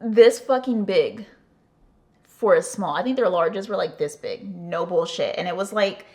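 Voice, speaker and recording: A woman's voice: fairly low pitch, normal speed. A young adult woman telling a casual storytime for her vlog, chatty and profane, with lots of "like". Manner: profane, chatty, heavy use of "like". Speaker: vlogger.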